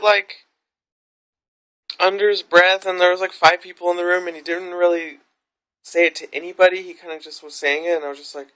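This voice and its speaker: A woman's voice: lowish voice, fairly even intonation, brisk, a bit bright. A woman vlogging to camera, telling a story in a frank, rambling way with plenty of swearing. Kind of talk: candid vlog monologue.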